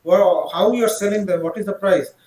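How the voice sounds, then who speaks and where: A man's voice: high voice, a little mellow. A man tells devotional stories in a talk. He halts often, restarts his sentences and slips into the voices of the people in his stories. The sound is roomy and echoey. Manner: halting, many fillers and restarts, acts out quoted dialogue. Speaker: monk giving a talk.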